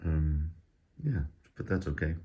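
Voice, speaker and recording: A middle-aged man teaching a casual online Chinese lesson, chatty and joking, who drills syllables louder and higher while his voice gets tired. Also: measured pace, lo-fi sound. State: voice getting tired.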